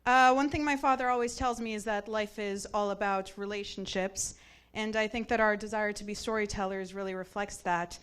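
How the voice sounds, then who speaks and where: A young woman with a smooth, clear voice speaks to her classmates at graduation. Her tone is heartfelt and grateful. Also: medium pitch, fairly even intonation, fairly quick, a bit bright. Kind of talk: graduation speech.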